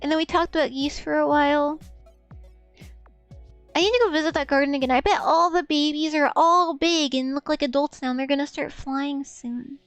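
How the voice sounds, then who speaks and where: High-voiced giggly young woman streamer. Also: steady tone, normal speed, no room sound, soft background music. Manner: rambling, stammering repeats, giggly, swears casually. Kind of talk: casual live-stream chat.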